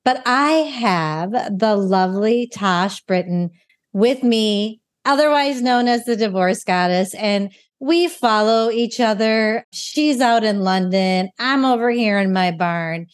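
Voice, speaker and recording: A woman's voice: medium pitch, slow pace. Enthusiastic woman hosting a podcast. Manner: enthusiastic, gushing. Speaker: podcast host. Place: her barn. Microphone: video call.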